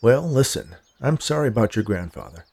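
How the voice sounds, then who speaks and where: A man voicing a charming stranger who speaks in a calm, reasonable, disarming way. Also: mid-range voice, brisk, vocal fry. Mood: calm persuasive.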